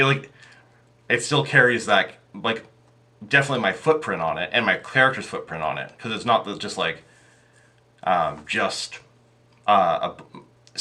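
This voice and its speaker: A man's voice: lowish voice, sharp tone. A man talking as a podcast guest about running tabletop games, rambling with many fillers and restarts. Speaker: podcast guest, game master. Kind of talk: casual interview chat.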